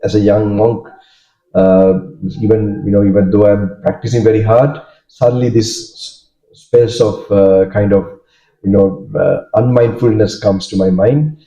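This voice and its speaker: Monk recounting stories in an echoey hall. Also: male voice, fairly low pitch, steady tone, mellow. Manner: halting, storytelling, many fillers and restarts. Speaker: Buddhist monk giving a talk. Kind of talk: informal dharma talk. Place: hall with audience. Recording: dull echoey hall recording.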